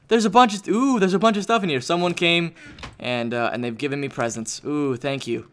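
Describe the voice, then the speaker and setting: A man giving excitable live commentary on his own gameplay, talking to his dog and his viewers. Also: fairly high pitch, brisk, slight background noise. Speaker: gaming YouTuber.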